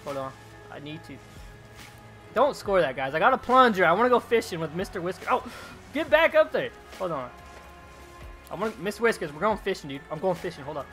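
A young man live streaming a game, chatting excitedly with viewers, reading their messages and calling them dude. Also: high-pitched, fast, long pauses, faint music behind. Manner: excitable, chatty, reads chat aloud, calls viewers dude. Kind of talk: live gameplay streaming commentary.

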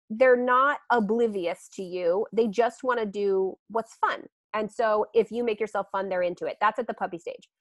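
A woman dog trainer, a guest on a podcast interview, explaining her training in a lively way with frequent laughs. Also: mid-range voice, no room sound. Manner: animated, laughs often, acts out quotes.

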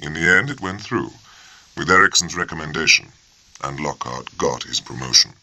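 Deep, gravelly male audiobook narrator. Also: expressive, moderate pace, pushed and bright. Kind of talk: scripted narration.

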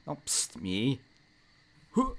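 A man's voice: mid-range voice, huge pitch swings, takes it slowly. A young man in a let's play horror game commentary, jumpy, talking back to the monster, with nervous laughs and sudden yelps. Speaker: gaming channel host.

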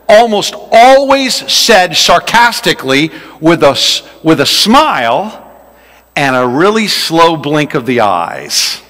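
A man's voice: a little high, sing-song, slow pace, a bit bright. A man preaching a sermon as pastor, joking and folksy as he tells stories. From Louisiana. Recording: long reverb of a large hall.

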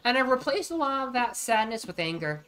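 A woman streaming a farming game and chatting casually, playful and quick to swear, often talking to the game's characters. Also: fairly high pitch, big pitch swings, fairly bright tone, clean tone. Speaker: vtuber streamer. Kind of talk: casual chat while playing a farming game.

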